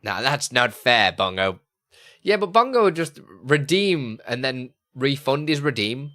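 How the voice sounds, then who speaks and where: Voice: mid-range voice, big pitch swings, a little slow, sharp tone. A live streamer, chatting casually and thinking aloud while talking to viewers. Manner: rambling, thinking aloud to chat. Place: home streaming setup.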